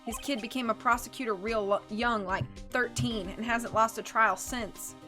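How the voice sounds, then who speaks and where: Detective who calls everyone pal, read by a woman in a bright voice. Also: a little high, fairly even intonation, moderate pace, faint music behind. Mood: matter-of-fact. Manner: reads game text aloud, calls everyone pal. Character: gruff friendly male police detective.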